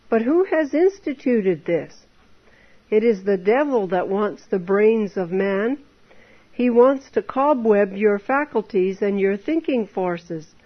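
A woman preaching an earnest temperance sermon, exhorting her listeners with many rhetorical questions. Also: mid-range voice. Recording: dull lo-fi recording.

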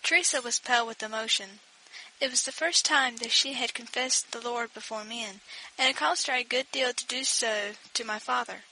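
Bright-voiced woman reading a story. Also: on the high side, moderate pace, slight background noise, rough recording. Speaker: audiobook narrator. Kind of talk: scripted narration.

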